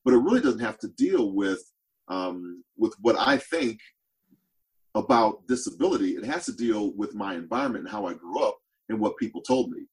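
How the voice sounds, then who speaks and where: A man's voice: lowish voice, animated, moderate pace, rough recording. A man speaking as a podcast guest, earnest and reflective, often repeating words as he thinks aloud. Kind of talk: reflective interview talk.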